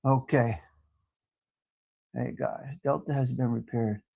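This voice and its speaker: A man's voice: mid-range voice, steady tone, slow, gravelly, darkish tone, slightly rough. A man hosting a live stream, chatting casually and answering viewer comments in a brash, talkative way. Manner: brash, talkative, mixes in Italian phrases.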